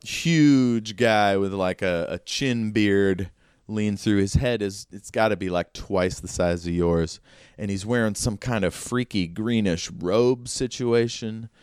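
A man's voice: on the low side, takes it slowly, darkish tone, smooth, no room sound, studio quality. A man narrating a tabletop game as game master, in a loose, chatty way full of fillers.

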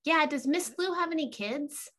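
A woman's voice: high-pitched, expressive, normal speed, fairly bright tone. A woman voicing an eager, curious young schoolgirl in a tabletop game who asks many questions.

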